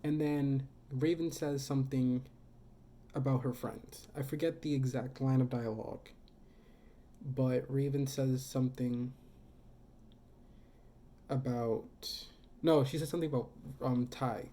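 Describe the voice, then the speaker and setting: Dark-voiced woman recapping casually. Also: rumbling low, steady tone, measured pace, long pauses. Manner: rambling, many fillers and self-corrections. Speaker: video essayist. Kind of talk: casual video essay, retelling scenes.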